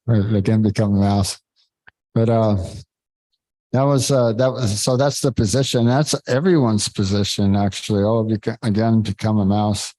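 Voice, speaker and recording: Low-ish mellow guy teaching a scripture class, lots of uhs and pauses, dry sound. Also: steady tone, no echo, low-quality recording. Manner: halting, searching for words, frequent fillers; informal, chuckles between points.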